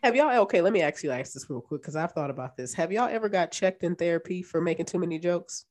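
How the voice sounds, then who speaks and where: A woman co-hosting a podcast, speaking in a playful, expressive casual way. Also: fairly low pitch, fast talker. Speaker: podcast co-host. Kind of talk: casual chat.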